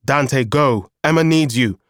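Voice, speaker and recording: A man playing a frightened middle-aged father who shouts urgent commands in an audiobook. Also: mid-range voice, a little slow, dry recording, clean studio sound, voice pushed up, close to an everyday voice. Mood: urgent commanding. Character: panicked middle-aged father giving orders.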